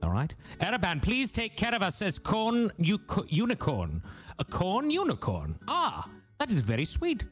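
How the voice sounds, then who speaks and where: A man banters through a live-stream intermission with mock-grand flair. His delivery bounces through a very lively pitch range. Faint music plays underneath him. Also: moderate pace, husky. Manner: mock-grand, theatrical, teasing. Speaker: intermission host reading chat. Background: jazzy background music.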